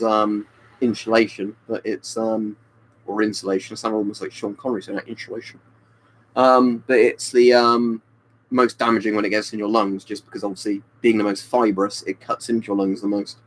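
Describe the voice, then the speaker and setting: A man's voice: fairly low pitch, steady tone, brisk, a little hiss or hum, rough recording. Rambling man on a live stream. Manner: rambling, answers chat by name. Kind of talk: casual live stream chat with viewers. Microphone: webcam stream mic.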